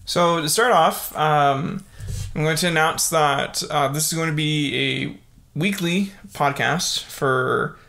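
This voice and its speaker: A young man hosting a casual solo podcast, reading facts haltingly with lots of fillers and breaking into excited exclamations. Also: fairly high pitch, gravelly. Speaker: podcast host.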